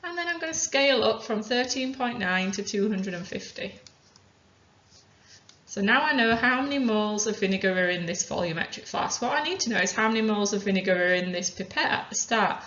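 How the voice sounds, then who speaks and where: A woman chemistry teacher calmly talking through worked examples step by step. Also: mid-range voice, a little fast. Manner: methodical, talks through each step aloud. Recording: roomy, dull lo-fi sound.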